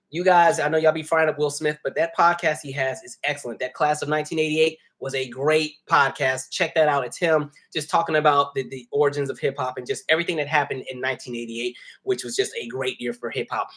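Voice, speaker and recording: A man's voice: fairly high pitch, brisk, hardly any pauses. Chatty man hosting a live stream. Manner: animated, laughs often, jumps between soft asides and loud bursts. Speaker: host. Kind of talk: casual live chat reading comments.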